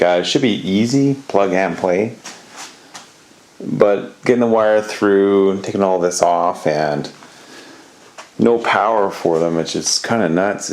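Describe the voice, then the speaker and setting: A man's voice: low-pitched, darkish tone. A man narrating a casual do-it-yourself motorcycle job in a laid-back, rambling way, now and then mildly exasperated. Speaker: motorcycle DIY vlogger.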